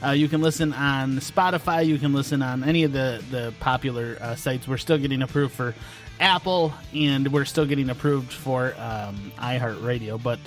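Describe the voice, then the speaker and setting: A man's voice: mid-range voice, moderate pace, soft background music. A man hosting a podcast, chatting loosely and laughing easily. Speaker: podcast host. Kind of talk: casual chat.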